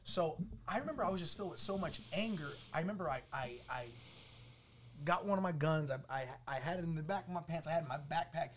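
Animated storyteller, fairly high male voice. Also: fast talker, a little hiss or hum. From Los Angeles area. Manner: animated, acts out quoted voices, laughing through funny parts. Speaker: podcast guest. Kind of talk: storytelling testimony.

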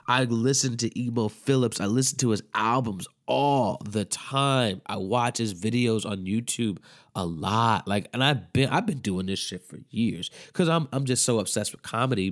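A man hosting a podcast in loose, excitable casual chat, full of fillers and cursing. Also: lowish voice. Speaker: podcast host.

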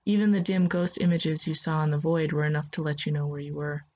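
A woman narrating a second-person story in a soft, steady voice. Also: low-pitched, fairly quick.

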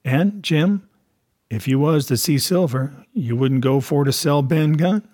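A man voicing a half-wild marooned old sailor, cunning and anxious, speaking in rough sailor's grammar in a storybook reading. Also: on the high side, a little slow, a little mellow, dry recording, clean studio sound. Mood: wheedling. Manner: rustic sailor's grammar, sly and insistent.

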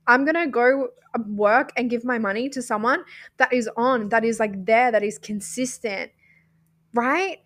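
A woman's voice: a little high, unhurried, a bit bright. A woman with an Australian accent hosting a casual motivational podcast, speaking expressively, swearing freely and repeating words for emphasis. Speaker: podcast host.

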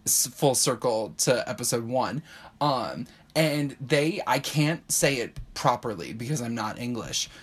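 Animated, rambling man chatting casually. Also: mid-range voice, husky. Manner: rambling, heavy use of "like", lively and laughing. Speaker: podcast co-host. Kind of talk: casual chat.

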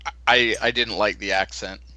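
A man's voice: fairly low pitch, steady tone, normal speed, bright, forceful tone. A man co-hosting a podcast, chatting casually in short, laid-back remarks. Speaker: podcast co-host. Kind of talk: casual chat.

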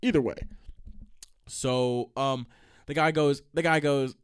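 A young man hosting a podcast, telling stories in a casual, rambling way, swearing freely and breaking into quick asides and restarts. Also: mid-range voice, smooth. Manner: animated, profane, trails into quick asides and restarts. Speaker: podcast host.

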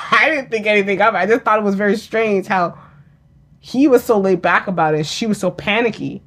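A woman in casual conversation about a TV drama, animated and laughing often, acting out quotes. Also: mid-range voice, a little fast.

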